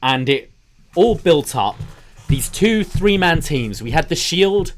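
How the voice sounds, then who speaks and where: A man co-hosting a casual wrestling podcast, measured as he recaps dates and venues. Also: on the high side, very animated. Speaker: podcast co-host.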